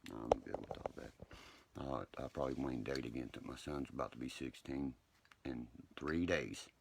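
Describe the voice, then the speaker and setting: Man, rough and low, who rants and then apologizes on a live stream. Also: moderate pace, background noise. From West Virginia. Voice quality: deep gravelly voice. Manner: profane, agitated, swings between ranting and quiet apology. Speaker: social media live streamer. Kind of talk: rambling live-stream chat.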